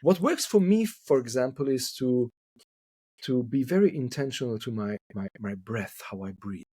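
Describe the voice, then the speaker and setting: A man's voice: medium pitch, lively intonation, moderate pace, dark tone, slightly rough, dry recording. A man from Hungary who speaks English as a second language, a couple therapist talking thoughtfully in a podcast interview and repeating words as he searches for them.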